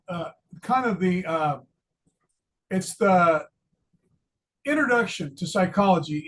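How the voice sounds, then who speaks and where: An older retired man giving a casual psychology lesson, chatty and joking about himself, with many ums and restarts. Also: sits high. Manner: chatty, self-deprecating, many fillers and restarts. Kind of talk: casual lecture video.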